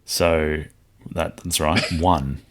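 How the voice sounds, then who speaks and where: Deep-voiced man hosting a casual chat. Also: steady tone, drawn-out words, a bit bright. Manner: chatty, laughs often, storytelling. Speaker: podcast host.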